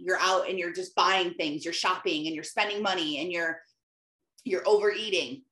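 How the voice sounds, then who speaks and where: A woman's voice: on the low side, moderate pace, a bit bright. Emphatic woman coach in an echoey room. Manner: emphatic, conversational, repeats phrases. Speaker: Christian life coach. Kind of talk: live motivational coaching talk. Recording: roomy echo.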